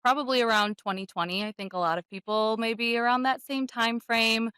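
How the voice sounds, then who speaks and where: A young woman who is a guest on a podcast, a new mother telling her story in a quick, animated way with laughter. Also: on the high side, smooth, no room sound. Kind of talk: casual interview chat.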